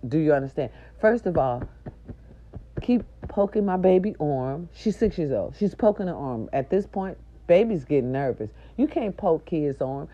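A middle-aged woman, a nurse aide, telling viewers a story in a loud, profane, indignant rant. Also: deep voice, expressive, moderate pace. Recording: dull lo-fi recording.

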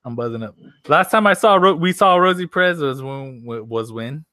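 A young man hosting a casual livestream who rambles, swears freely and jokes with his viewers. His voice is bright and forward, recorded close and dry. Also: medium pitch, lively intonation, normal speed, no room sound. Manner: profane, rambling and joking. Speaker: livestream host.

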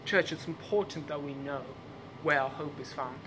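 A man with a slightly high voice preaches at normal speed during a church service, background noise audible. English is not his first language, and he repeats questions while laughing at his own tangents.

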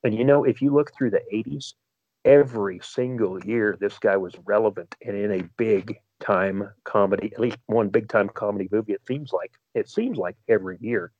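A man's voice: fairly low pitch, normal speed, darkish tone, no room sound, muffled recording. Rambling man in casual podcast chat. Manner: rambling, restarts often, reminiscing. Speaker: podcast co-host.

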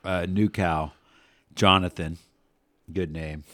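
Podcast co-host, very low voice, dry close mic, rambling storyteller, curses casually. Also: male voice, takes it slowly, no echo. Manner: rambling storyteller, swears, animated when recounting yelling. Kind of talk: casual sports podcast chat.

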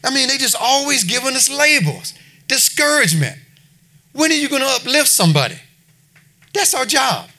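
A man's voice: very high voice, very animated, normal speed, long pauses, pushed and bright. A middle-aged man preaching an informal sermon in a folksy, conversational way, often repeating himself. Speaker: preacher at a recovery ministry.

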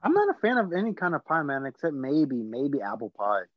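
Young friend on a podcast, higher voice that swings all over, teasing, dull lo-fi mic. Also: male voice, wildly swooping pitch, a little fast, no echo. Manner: playful, teasing. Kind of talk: casual chat with friends.

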